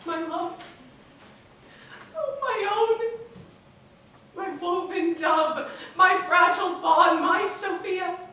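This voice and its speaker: A woman's voice: high voice, fairly bright tone. A woman playing a heartbroken young man on a theater stage, mournfully declaiming verse. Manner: slow, mournful, poetic declamation. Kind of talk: live stage drama. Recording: echoey theater from far off, faint hum.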